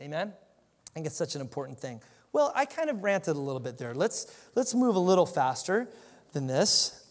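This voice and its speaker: A pastor preaching a sermon, emphatic and animated, often restarting his sentences. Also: fairly high pitch, normal speed. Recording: long reverb in a large hall.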